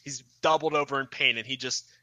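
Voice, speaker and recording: Bright-voiced man running a tabletop game. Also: mid-range voice, a little fast, no echo. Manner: animated, vivid storytelling with many fillers and restarts. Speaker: game master.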